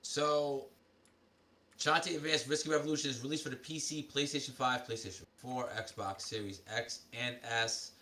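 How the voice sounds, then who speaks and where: A man's voice: medium pitch, fairly even intonation, normal speed, bright, forceful tone. A man co-hosting a casual gaming podcast, reading game news aloud and adding offhand comments. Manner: reads listings aloud with asides. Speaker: podcast co-host.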